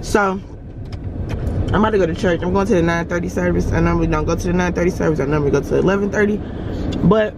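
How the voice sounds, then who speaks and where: A woman's voice: fairly low pitch, quick pace, long pauses. Young woman, casual vlog talk, blunt and chatty, faint background noise. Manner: chatty and unfiltered, swears freely. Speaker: vlogger.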